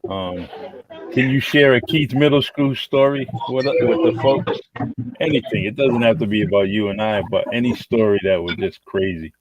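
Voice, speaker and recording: A man hosting a podcast who asks questions in a friendly, easygoing way, often pausing with fillers. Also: lowish voice. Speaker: podcast host. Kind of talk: casual interview chat. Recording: lo-fi audio with crowd noise behind.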